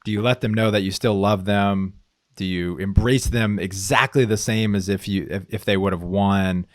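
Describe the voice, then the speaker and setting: Low-voiced podcast host guy, sums stuff up and asks follow-ups, dry close sound. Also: fairly even intonation, moderate pace, no echo. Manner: brief affirming interjections and summarizing questions. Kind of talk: interview.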